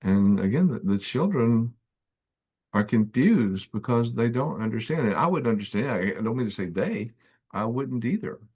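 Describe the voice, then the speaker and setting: A man's voice: medium pitch, animated, normal speed, a little mellow, breathy edge. A man hosting a conversational interview, sounding affirming and thinking aloud with small restarts. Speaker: podcast host.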